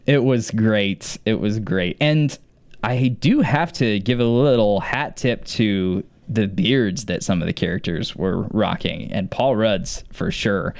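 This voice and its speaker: A man co-hosting a casual rewatch podcast, enthusiastic and quick to laugh, with frequent fillers and restarts. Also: lowish voice, creaky, a little mellow, no echo. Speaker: podcast co-host.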